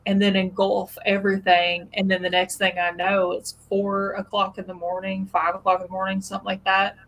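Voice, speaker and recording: A woman hosting a casual chat, telling animated stories with plenty of fillers and laughs. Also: medium pitch, a little fast, vocal fry, rough recording. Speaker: podcast host.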